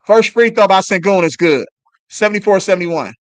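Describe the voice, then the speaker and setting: A man calling a basketball game live as a fan on a stream, swearing and yelling at the players between play-by-play. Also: sits high, brisk, no room sound. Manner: excited, profane trash talk at players. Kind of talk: fan play-by-play watch-along.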